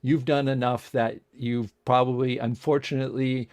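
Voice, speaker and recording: A man's voice: medium pitch, level tone, a little mellow, no echo. Rambling male host, dry sound. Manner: rambling, fast-thinking, leaves sentences unfinished, many fillers. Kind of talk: casual interview talk.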